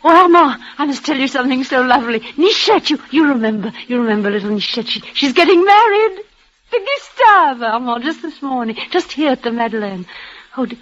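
Dying young woman, tremulous, breathless, halting, devoted, old radio drama, muffled recording. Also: high voice, animated, a bit bright. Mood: joyful. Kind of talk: vintage radio drama acting.

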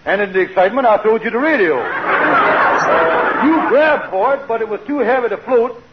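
A man playing a scheming, smooth-talking con man in a 1940s radio sitcom, wheedling and flowery with grammar slips. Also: sits high, animated, normal speed, dull audio, a loud crowd. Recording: hissy old radio recording.

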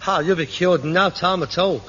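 An actor playing a melodramatic, hypochondriac grown son, pompous and whining in a 1960s sitcom. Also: male voice, high voice, brisk, a bit bright, husky. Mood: reassuring. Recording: dull old television recording.

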